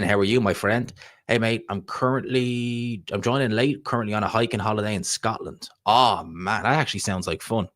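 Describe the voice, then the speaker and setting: Live-stream host, male, Dublin Irish accent, lowish pitch, dry close sound, rambling conversational delivery. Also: a bit bright, no echo. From Ireland. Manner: rambling, chatty, reads viewer comments aloud. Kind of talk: casual live-stream chat about boxing.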